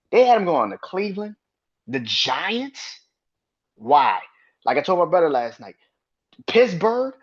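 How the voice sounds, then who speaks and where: On his solo sports podcast, a man with a high voice launches into a profane, heated rant, emphatically arguing with imagined critics. The sound is lo-fi.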